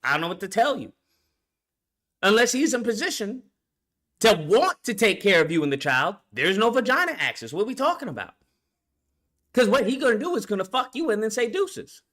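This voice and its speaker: A man's voice: high-pitched, big pitch swings, fairly quick, long pauses, a bit bright. A man vlogger ranting bluntly and profanely in a commentary video, full of rhetorical questions.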